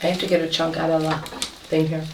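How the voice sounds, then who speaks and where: A lively woman tells a story over a meal, acting out what everyone said. Her voice sits fairly low and reaches the mic from across an echoey room, with steady noise behind her. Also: fast, creaky, distant mic. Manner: lively storyteller, acts out dialogue. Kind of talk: casual chat while eating. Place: home kitchen at a meal.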